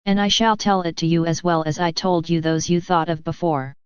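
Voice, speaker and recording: A woman's voice: fairly low pitch, steady tone, fairly quick, clear, resonant tone, no echo, muffled recording, close to an everyday voice. A woman reading the lines of an earnest, troubled young male ox driver in an audiobook, in an earnest, pleading manner.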